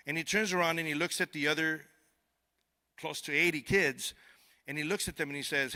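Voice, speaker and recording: A man's voice: a little high, fairly quick, bright, forceful tone. A man who is a border patrol agent giving a conversational, joking speech on stage to a live audience, often repeating words as he starts a sentence. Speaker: border patrol agent speaking at a youth summit. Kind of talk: conference speech.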